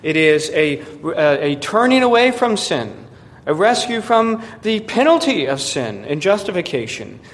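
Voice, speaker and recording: A man's voice: sing-song, unhurried. A man preaching an expository sermon, emphatic and given to repeating words as he restarts. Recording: long hall reverb with faint rumble.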